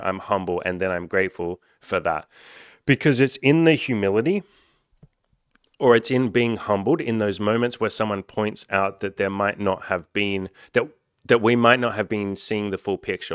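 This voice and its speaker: A man's voice: fairly low pitch, a bit bright, no room sound, studio quality. A man talking as a coach in a candid self-help monologue, frank and reflective, swearing freely.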